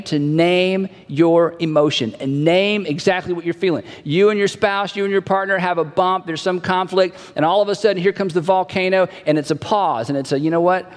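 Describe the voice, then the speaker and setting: A male pastor preaching a sermon in a conversational way, repeating key phrases and acting out quoted dialogue. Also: high voice. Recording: long hall reverb.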